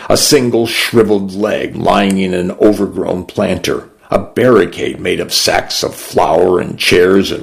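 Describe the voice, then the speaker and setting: A man narrating a story in the first person, in a measured, unhurried and somber way. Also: low voice, creaky.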